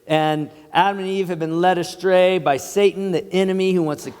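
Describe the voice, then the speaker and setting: Male pastor, sermon delivery, emphatic, a bit high-voiced, echoey sanctuary. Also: steady tone, moderate pace, a little mellow, clean tone. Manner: earnest, emphatic preaching. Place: church sanctuary.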